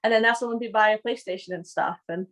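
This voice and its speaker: A woman guest on a podcast in casual chat, animated, laughing often and swearing casually. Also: medium pitch, quick pace.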